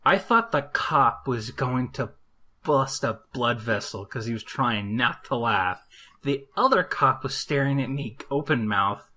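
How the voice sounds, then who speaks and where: With a medium-pitched voice and a slightly slow delivery, a young man narrates a casual anecdote on his podcast. He plays out the other people's voices in an animated way.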